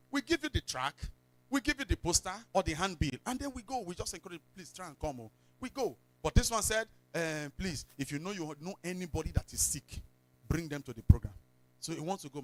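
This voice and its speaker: In church, a man with a Nigerian accent preaches as pastor, recounting stories, moving into pidgin, and letting out sudden shouts. His voice is a little high.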